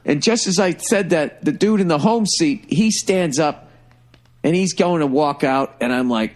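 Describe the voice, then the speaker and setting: A middle-aged man telling a funny story in a casual, profane, animated way, like a stand-up comedian on a podcast. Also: on the high side, normal speed.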